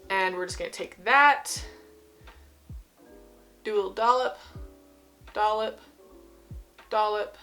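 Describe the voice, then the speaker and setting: A young woman with a light Utah accent talks her way through a home skincare routine, bubbly and full of rambling asides. Her voice sits a little high, and soft music plays underneath. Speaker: beauty vlogger. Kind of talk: casual skincare tutorial. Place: home, indoors.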